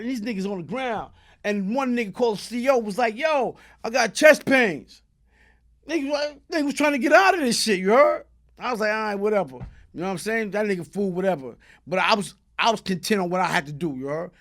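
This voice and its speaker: A middle-aged man, telling a story as a guest in a casual interview. His voice sits high, and he talks in animated street slang. He breaks into loud shouts. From New York.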